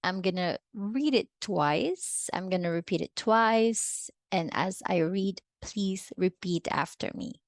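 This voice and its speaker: A woman's voice: mid-range voice, no room sound, clean studio sound. A woman teaching an online Spanish lesson, explaining step by step and often checking in with "okay". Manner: slow, careful explaining with frequent "okay" check-ins.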